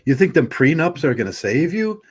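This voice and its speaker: A man's voice: on the high side, slight background noise. A man hosting a livestream, ranting heatedly and bluntly, often stumbling and restarting his words. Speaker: livestream host.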